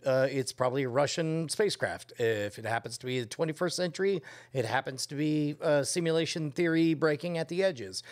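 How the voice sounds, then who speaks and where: A man in casual podcast chat, reasoning aloud through a run of examples. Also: medium pitch. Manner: reflective, builds arguments with lists of examples.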